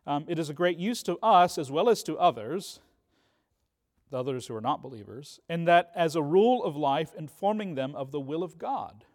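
A man's voice: fairly high pitch, animated, normal speed. Male teacher, conversational church class lecture, lots of ums, long hall reverb. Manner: conversational, frequent ums and "right?".

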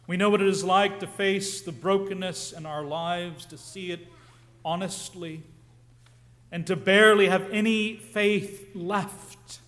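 A man preaching a sermon, earnest and reflective, often dropping to a hush on key phrases. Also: sits high, fairly even intonation, unhurried.

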